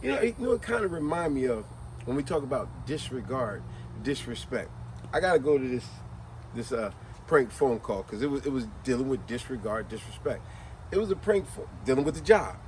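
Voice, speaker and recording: A man hosting a casual chat, telling a story in an animated, conversational way. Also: mid-range voice, brisk, a little hiss or hum, rough recording. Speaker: host.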